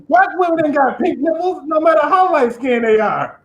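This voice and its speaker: A man's voice: very high-pitched, lively intonation, brisk, few pauses, highs cut off, slight background noise. A man with a lisp hosting an online comedy show, telling profane stand-up jokes and laughing at his own lines. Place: house in Detroit.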